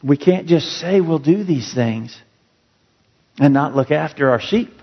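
A man's voice: fairly high pitch, expressive, a little slow, breathy edge. Man, pastor, earnest sermon, story-driven emphasis, long church reverb, dull lo-fi sound. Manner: earnest, storytelling, rising emphasis on key words. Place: church sanctuary.

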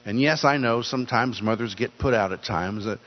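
A man's voice: medium pitch, brisk. An older man preaching a sermon in an earnest way, often repeating words for emphasis. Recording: dull sound with long hall reverb.

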